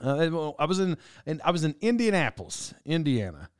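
A man's voice: on the high side, big pitch swings, fairly quick, clean tone, no echo, clean studio sound. A young man telling a story casually, rambling with restarts and chuckling as he goes.

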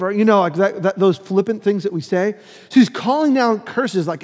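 A man preaching a sermon, explaining the text and acting out the quoted lines in a lively way. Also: high voice, moderate pace. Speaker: pastor. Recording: long reverb of a hall.

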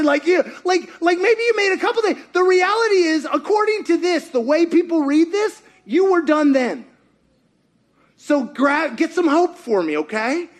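Very high-voiced joking male preacher. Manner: joking, asks the congregation questions. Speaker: pastor. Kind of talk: sermon. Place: church before a congregation.

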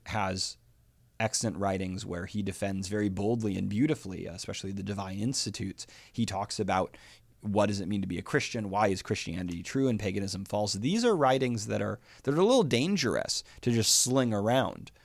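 A man giving a podcast lecture, explaining step by step in an animated, scholarly way. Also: on the low side, no room sound. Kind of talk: podcast lecture on early Christian writers.

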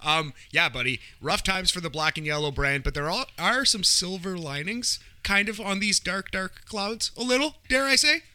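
Upbeat male co-host with a bright, dry voice. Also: high-pitched, lively intonation, moderate pace, hardly any pauses, clean tone, no echo. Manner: upbeat, rambling, many restarts. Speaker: podcast co-host. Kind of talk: casual chat.

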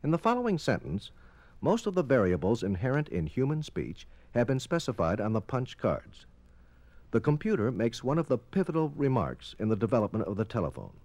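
A man's voice: mid-range voice, sing-song, brisk, a little mellow, dry recording. A man giving formal, explanatory scripted narration for an educational film.

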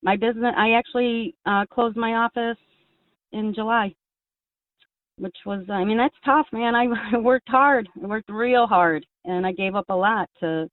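A woman's voice: on the high side, moderate pace, no room sound. Woman calling in over a tinny phone. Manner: earnest, rambling with restarts. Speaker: caller. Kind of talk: casual call-in chat. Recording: tinny phone line, dry.

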